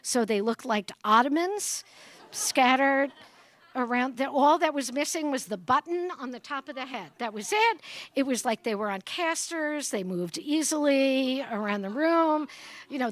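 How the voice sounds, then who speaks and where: A woman with a fairly high voice delivers a funny speech, spinning comic stories and checking in with her listeners. She keeps tossing questions at the crowd and slips into exaggerated voices for the people she quotes. The sound is close and dry. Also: lively intonation, measured pace, no echo. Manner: comic storyteller, checks in with the audience. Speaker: guest speaker at an exhibit opening. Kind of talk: humorous public address.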